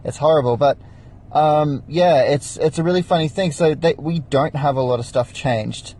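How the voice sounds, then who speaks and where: A man's voice: a little high, moderate pace, warm tone. A man with an Australian accent, hosting a casual podcast and answering listener questions in a rambling, filler-heavy way. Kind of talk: casual chat.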